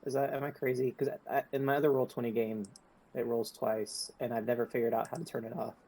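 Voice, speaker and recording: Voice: medium pitch, little pitch movement, mellow, a little hiss or hum. A player in a tabletop game, talking casually, rambling and doubting themselves. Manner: rambling, self-doubting, quick bursts. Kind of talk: casual chat.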